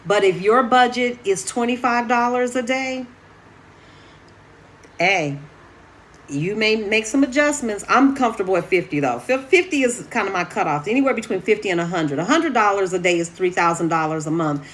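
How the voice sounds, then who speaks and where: A woman's voice: mid-range voice, normal speed, a little hiss or hum. Chatty woman talking money to camera. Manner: chatty, animated, addresses viewers as y'all. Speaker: vlogger. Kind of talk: casual chat to camera. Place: her apartment.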